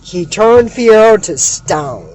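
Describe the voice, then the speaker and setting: A man excitedly retelling a cartoon episode, gasping and shouting as he recaps the action. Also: high voice, slow, rough recording. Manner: animated, gasps and shouts with excitement.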